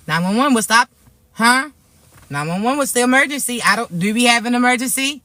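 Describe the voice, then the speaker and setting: A woman spiritual reader vlogs straight to her followers, and her voice is bright and forceful. She talks hard, blunt and profane, with streetwise warnings. The sound is dry and close. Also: on the high side, lively intonation, fairly quick, dry recording. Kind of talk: direct-to-camera spiritual vlog.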